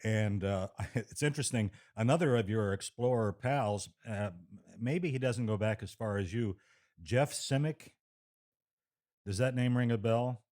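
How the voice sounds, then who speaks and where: A man hosts a casual interview. His voice sits low, and he stammers and restarts as he builds his questions. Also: a little slow, darkish tone. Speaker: interview host.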